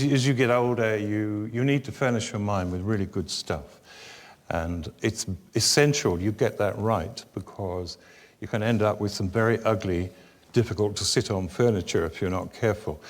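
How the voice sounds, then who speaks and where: An older man from the UK, an author telling humorous stories to an audience in a wry, self-deprecating manner. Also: on the low side. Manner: wry, self-deprecating, building to animated exasperation. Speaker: author and guest speaker. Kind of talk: humorous storytelling talk. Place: church venue before an audience. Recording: reverberant church hall.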